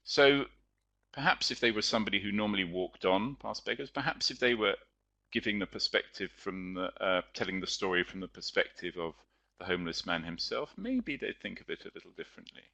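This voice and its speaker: A male teacher presenting a webinar lecture in a chatty, explanatory way, pausing often on fillers. His voice is low but bright and forceful. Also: animated, creaky.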